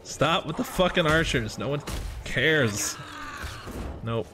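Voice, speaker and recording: A man giving gameplay commentary, excitable and rambling, swearing often as he plays. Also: on the high side, takes it slowly, music in the background. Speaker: gaming channel host.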